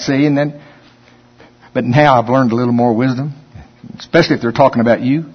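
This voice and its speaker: A man pastor preaching a sermon in a church, reading scripture slowly and then commenting on it in a folksy, conversational way. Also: mid-range voice, fairly even intonation, husky. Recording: long hall reverb, dull lo-fi sound.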